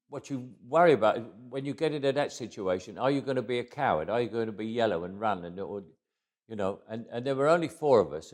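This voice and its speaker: Brief: man in his eighties, interview guest, reflective storyteller, lowish voice. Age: 80s. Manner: reflective, repeats words as he restarts.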